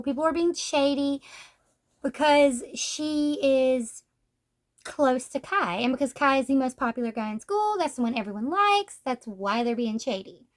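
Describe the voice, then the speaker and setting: Woman, high voice, casual book review, blunt and sarcastic, acts out quotes. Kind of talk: casual manga review chat.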